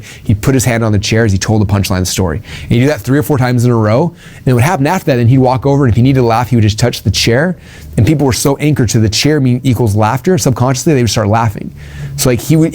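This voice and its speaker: A man's voice: medium pitch, mellow. A man giving an informal sales training talk, rambling with ums and restarts and acting out quoted conversations.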